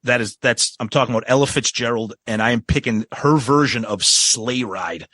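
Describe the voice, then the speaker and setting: Man, enthusiastic co-host, casual chat, sharp bright voice, dry room. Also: mid-range voice, normal speed, no echo. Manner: enthusiastic, gushing fan talk. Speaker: podcast co-host.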